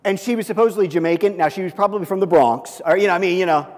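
A man preaching a sermon as a pastor, animated and conversational with frequent asides to the congregation. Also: high-pitched, very fast, few pauses, in a large hall. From Kansas City area.

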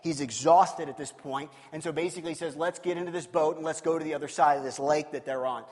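A man preaching a sermon, animated and acting out scenes with shifting voices. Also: on the high side, quick pace, big-room sound. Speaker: pastor.

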